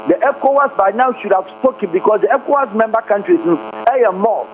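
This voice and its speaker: A Ghanaian man with a very high voice speaks briskly as a guest commentator in a heated interview, impassioned and firing off rhetorical questions. The audio is tinny and phone-like, with a faint hum.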